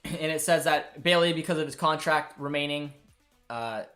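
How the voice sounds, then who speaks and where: With faint music playing behind him, the Canadian host of a football watchalong stream chats loosely with viewers and his producer. He sounds a little high and bright, speaking at normal speed in a forceful tone.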